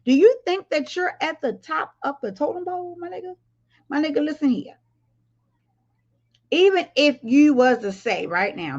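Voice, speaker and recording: On her casual livestream, the host's voice sits high and is a little mellow, with lively intonation at a normal speed. She's profane and blunt, talking right to her viewers, though the recording sounds a bit dull.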